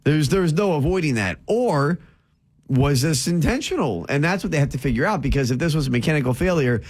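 Male talk co-host, expressive pitch, emphatic and teasing. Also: brisk, husky. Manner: emphatic, teasing, rhetorical questions. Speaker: radio show co-host. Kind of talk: casual news chat.

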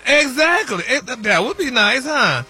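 High bright-voiced guy doing celeb news on morning radio, sing-songy and flamboyant. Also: sing-song, unhurried, faint music behind. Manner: sing-song, flamboyant, peppered with y'all and honey. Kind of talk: radio morning show gossip segment.

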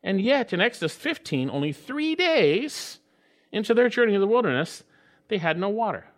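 A man preaching a sermon as a pastor, earnest, slowing down to read scripture and rising for emphasis. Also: high voice, big pitch swings.

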